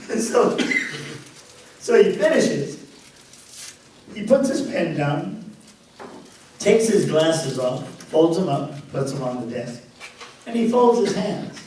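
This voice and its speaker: A man's voice: fairly high pitch, very animated, slow pace, pauses often, a little mellow, a little hiss or hum. A pastor telling his personal testimony, a man recounting the story with laughs between phrases. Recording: very echoey, distant microphone.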